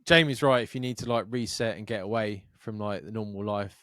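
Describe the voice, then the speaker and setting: This podcast co-host's voice sits on the low side, quick and fairly bright, captured in clean studio sound with no echo. Chatting casually, he curses freely and performs the quotes in his meandering tales.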